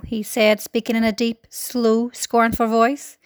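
Brief: expressive female storyteller, high voice, dry close sound. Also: unhurried, few pauses, clear, resonant tone, dry recording. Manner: expressive, animated narration. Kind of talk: reading a children's storybook aloud.

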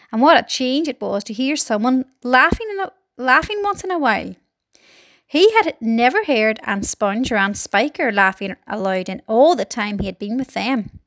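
Animated woman reading a storybook. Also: fairly high pitch, normal speed, no room sound, studio quality. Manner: expressive, animated narration. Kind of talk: reading a children's storybook aloud.

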